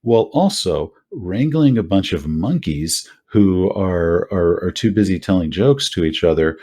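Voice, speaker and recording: Husky deep-voiced man, lively and rambling. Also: unhurried. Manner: animated, rambling with many asides. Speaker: podcast co-host. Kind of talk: casual chat about tabletop horror gaming.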